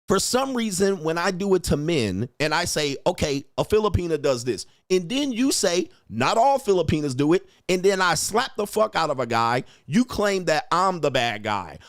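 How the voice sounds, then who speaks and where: A man's voice: on the high side, no echo, clean studio sound. A young man hosting a livestream, ranting at his chat in a profane, mocking, confrontational way and laughing often. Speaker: streamer host. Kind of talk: livestream rant reading chat.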